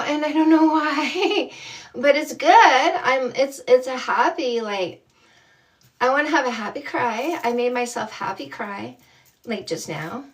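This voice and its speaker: A woman's voice: high voice, distant mic. A woman from Canada, a dating coach, chatting casually and bubbly with viewers on a livestream, often laughing.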